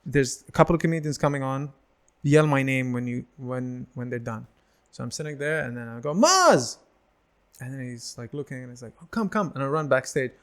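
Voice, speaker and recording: A man in his thirties from the United Arab Emirates talks casually as a comedian guest on a podcast. He tells his stories with lively energy. Every so often he acts out what people said in quick, animated bursts. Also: mid-range voice. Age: 30s.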